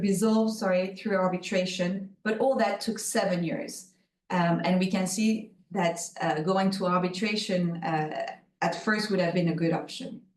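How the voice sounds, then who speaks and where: A woman's voice: mid-range voice, a little mellow. A woman with a French accent giving a conference keynote as a lawyer. She speaks carefully, with many fillers and self-corrections. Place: lecture room. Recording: roomy echo, voice from far off.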